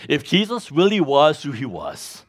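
A man preaching a sermon, reading scripture and asking the congregation to finish his lines, chuckling often. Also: slow pace. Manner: call-and-response questions to congregation, chuckles often; reads scripture aloud, rises in pitch when animated. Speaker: pastor.

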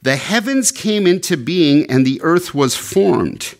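A man's voice: a little high, expressive, takes it slowly. A man preaching an expository sermon, explaining a scripture passage verse by verse with frequent fillers and restarts. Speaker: pastor.

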